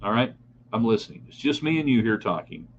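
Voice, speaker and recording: A middle-aged man hosting a live sports talk broadcast, opinionated and animated as he reads listener comments and talks straight to his audience. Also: mid-range voice, a little fast, muffled recording, slight background noise. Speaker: sports talk show host.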